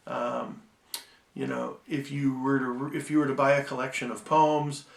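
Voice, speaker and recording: A man giving a recorded Bible-school lecture, measured and full of ums and restarts, slowing down to read poems aloud. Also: medium pitch, flat delivery, creaky, roomy sound.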